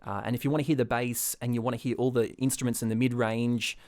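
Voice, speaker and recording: A man's voice: mid-range voice, fast. A man co-hosting a podcast, chatting playfully and often laughing. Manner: playful, animated, prone to breaking into laughter. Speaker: podcast co-host. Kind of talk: casual comedic chat.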